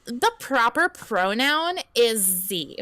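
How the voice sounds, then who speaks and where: A woman's voice: a little high, big pitch swings, takes it slowly, bright, forceful tone, no echo, exaggerated voice. A woman doing a prim, indignant cheerleader.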